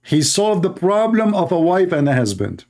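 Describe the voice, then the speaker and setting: A man's voice: high voice, big pitch swings, normal speed, darkish tone. A man hosting a live stream, mocking and sarcastic, in broken English. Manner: sarcastic, mocking, non-native English grammar. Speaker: debate stream host.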